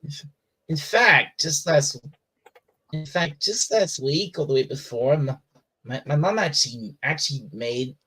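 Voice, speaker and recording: A man's voice: on the high side, a little slow, bright, forceful tone, husky, low-quality recording. A man in casual podcast chat who talks eagerly and restarts his phrases a lot.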